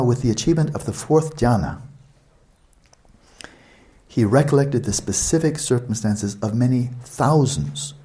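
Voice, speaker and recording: A man's voice: mid-range voice, dark tone. A man giving a retreat dharma talk as a meditation teacher, explaining at length, repeating words for emphasis and turning to the listeners with asides.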